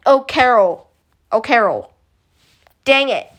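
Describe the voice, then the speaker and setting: Young female vlogger, slightly high, slow delivery, rambling and self-correcting. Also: fairly bright tone. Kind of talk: casual chat.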